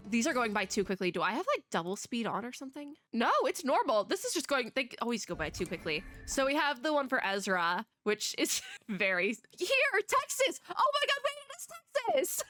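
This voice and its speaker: A young woman streamer giving casual, excitable reaction commentary, gushing with quick asides. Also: medium pitch, slight background noise. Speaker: VTuber streamer.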